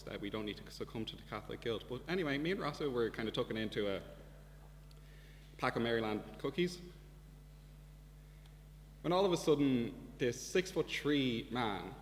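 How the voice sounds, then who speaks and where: A young Irish man telling a comic story in a profane, deadpan way as a student debate speaker in a debating chamber. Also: mid-range voice. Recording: reverberant hall with faint hum.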